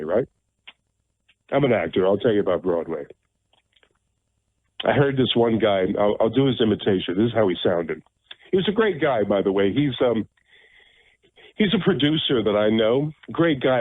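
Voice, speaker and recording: A man's voice: lowish voice, animated, normal speed, pauses often, slightly rough, no echo. A man hosting a radio talk show, speaking in a blunt, rambling monologue and repeating himself for emphasis. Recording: narrow phone-like radio sound, dry.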